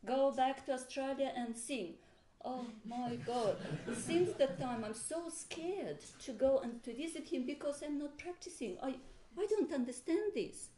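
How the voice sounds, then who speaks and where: Animated woman telling a story in an echoey hall. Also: high-pitched, measured pace. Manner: animated, laughing, acts out quoted voices. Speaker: seminar participant sharing a story. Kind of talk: casual storytelling to a group. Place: monastery hall with a group present. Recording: echoey room, faint background noise.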